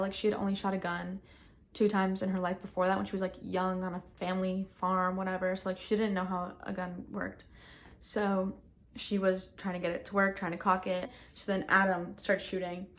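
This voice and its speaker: A woman recounting a personal ordeal in casual first-person storytelling, talking in quick bursts full of fillers, recorded outdoors. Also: mid-range voice.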